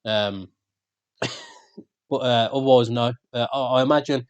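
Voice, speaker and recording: An English podcast co-host with a Birmingham accent chats casually, his banter laid-back and full of swearing. His voice sits at medium pitch and moves at a measured pace.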